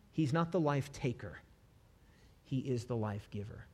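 A man delivers an impassioned sermon, his voice sitting at a middle pitch. He drops to soft, pleading tones, then swells into loud emphasis. His words ring out with the long reverb of a large hall. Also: normal speed. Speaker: preacher.

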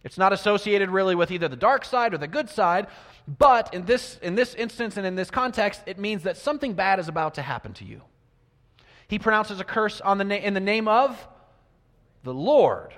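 A man preaching a sermon. He asks his listeners many rhetorical questions and swings between loud emphasis and quiet asides. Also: sits high. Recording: long reverb of a large hall.

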